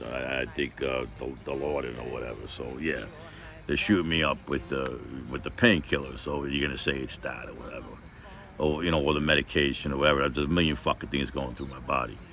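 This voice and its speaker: A man's voice: extremely low pitch, steady tone, brisk, vocal fry, pushed and bright. A man vlogger telling a personal story in a rambling, profane, earnest way, full of filler phrases. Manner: earnest, emphatic.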